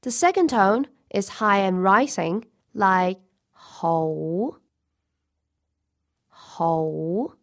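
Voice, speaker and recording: A woman teaching a listening lesson, speaking slowly and carefully and repeating each example word twice. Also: medium pitch, animated. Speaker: language teacher. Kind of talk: scripted lesson narration.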